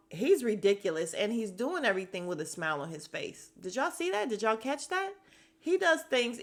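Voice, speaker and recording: A woman hosting a casual podcast, chatting and retelling scenes with lively voiced quotes. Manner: animated storytelling, acts out quotes with pitch jumps. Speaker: podcast host recapping a reality show. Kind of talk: casual chat. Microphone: podcast mic.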